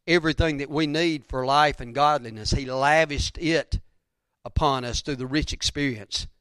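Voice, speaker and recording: A folksy preacher, a man, speaking in a fairly high voice. He rambles through his sermon with repeated phrases and asides. The sound is dry and close. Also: fairly bright tone, smooth, no room sound. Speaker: pastor. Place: church sanctuary.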